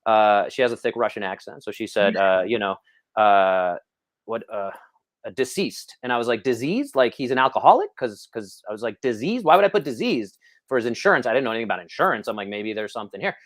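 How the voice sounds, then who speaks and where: Low-voiced male podcast host, dry sound. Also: animated, fast, a bit bright, dry recording. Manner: storytelling, self-deprecating, many fillers. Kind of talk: casual interview chat.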